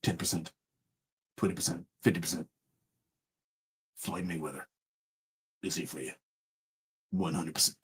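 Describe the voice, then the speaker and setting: A man putting on a low, droning, mock-solemn voice to mimic a boxer's pledge. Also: normal speed, pauses often, husky.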